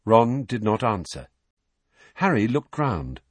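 Husky, lively male storyteller. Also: lowish voice, slow pace, no room sound. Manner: expressive storytelling with many character voices. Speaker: audiobook narrator. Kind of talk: scripted narration.

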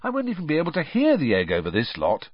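A man's voice: fairly high pitch, huge pitch swings, fast, dry recording, voice pushed up. A man voicing an earnest teenage schoolboy in a plain, direct way in an audiobook reading. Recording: dry, slightly muffled.

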